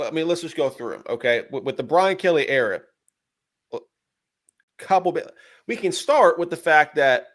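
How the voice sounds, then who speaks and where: A young man with a drawl co-hosts a sports podcast and rants heatedly, fired up and mocking, doing impressions as he builds his case. His voice is high for a man and fairly bright, and it keeps rising as he gets going.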